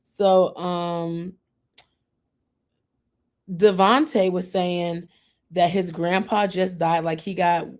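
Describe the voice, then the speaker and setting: A woman's voice: lowish voice, level tone, very slow, pauses often, darkish tone. A woman hosting a casual TV recap chat, chatty and opinionated, often acting out what people on the show said. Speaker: host.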